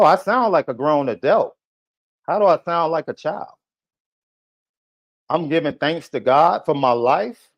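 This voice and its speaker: Combative male podcast host, lo-fi. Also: a little high. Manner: combative, taunting, repetitive. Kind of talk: heated live podcast rant. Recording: muffled lo-fi stream audio.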